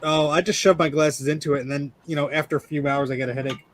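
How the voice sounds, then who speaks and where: High-voiced man with sarcastic quips. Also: steady tone, a little hiss or hum. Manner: sarcastic banter, quick quips. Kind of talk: casual chat on a video call.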